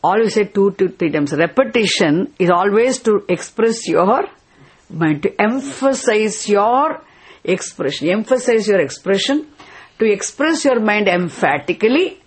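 Slow, husky-voiced woman scripture teacher. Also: medium pitch, lively intonation. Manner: repeats terms, explains slowly and patiently. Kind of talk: explaining a chanted verse word by word.

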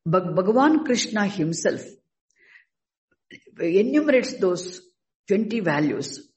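A man teaching a scripture class, speaking haltingly and stressing key words slowly. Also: sits high, a little mellow, poor audio. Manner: halting, restarts words, slow emphatic stresses. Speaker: Vedanta teacher.

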